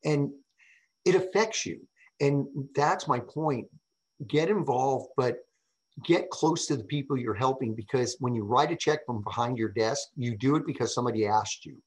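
A middle-aged man appears as a podcast guest and public speaker, telling stories in a casual interview. He is animated and emphatic and often asks "right?" His voice is mid-range at a normal speed, and the audio is poor.

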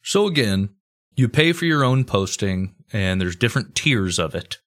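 A man's voice: on the low side, very animated, normal speed, a bit bright. A man hosting a comedy history podcast, telling the story casually with crude jokes and plenty of swearing. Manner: crude, joking, swears freely.

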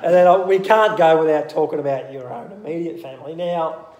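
A man's voice: fairly high pitch, brisk, reverberant, crowd noise. A man with an Australian accent hosting a casual club interview, chummy and jokey, calling his guest mate. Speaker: club podcast host.

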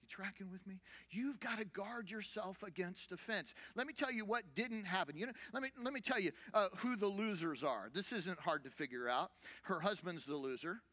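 A man's voice: high-pitched, lively intonation, normal speed, pushed and bright. A man preaching as a senior pastor, conversational, with rhetorical questions and repeated phrases. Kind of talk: sermon.

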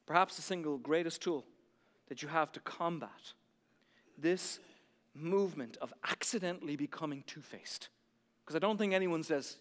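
A male pastor preaching a sermon to his church, building to near shouting and then dropping to soft, intense passages. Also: on the high side, normal speed, in a large hall.

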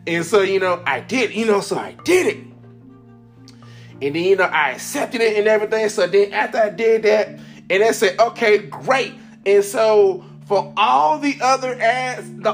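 A man hosting his own podcast, telling a casual story in an animated way, laughing often and acting out the voices of people he quotes. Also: sits high. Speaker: podcast host.

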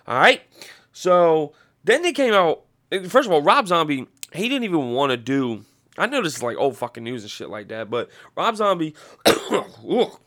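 Animated, foul-mouthed man ranting. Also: mid-range voice, moderate pace. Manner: rambling, heavy swearing, animated. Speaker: podcast host. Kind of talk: casual profane rant.

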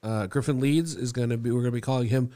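A man's voice: medium pitch, quick pace, dark tone. A young man from Indianapolis hosting a casual podcast, rambling and joking with frequent laughs. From Indianapolis, USA. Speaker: podcast host.

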